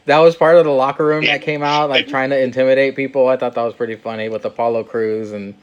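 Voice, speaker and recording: A man's voice: mid-range voice, fairly even intonation, brisk, smooth. A man hosting a podcast, chatting casually about wrestling, laughing often, swearing, and acting out quotes. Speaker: podcast host.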